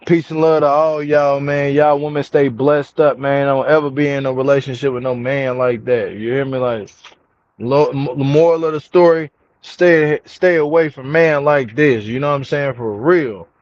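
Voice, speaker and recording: A man's voice: mid-range voice, steady tone, moderate pace, a little mellow, no echo. Fired-up man ranting to his viewers. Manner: emphatic, slangy, repeats himself, addresses viewers as y'all. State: getting angry. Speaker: reality TV commentary vlogger. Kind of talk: casual commentary rant. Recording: dull, dry, lo-fi home recording.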